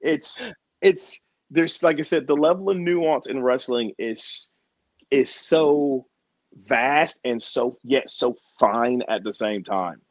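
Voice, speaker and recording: A man's voice: mid-range voice, slow, no echo. A man being interviewed as a wrestler, talking in a laid-back, slangy way and laughing often. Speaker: wrestler guest. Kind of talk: casual interview chat.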